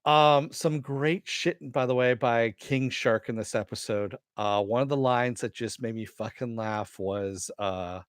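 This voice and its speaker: A man's voice: mid-range voice, a little slow, few pauses, clear, resonant tone, dry recording, clean studio sound. A man hosting a casual spoken review of a cartoon episode, rambling and laughing as he retells funny lines, with some cursing. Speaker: host reviewing animated episodes.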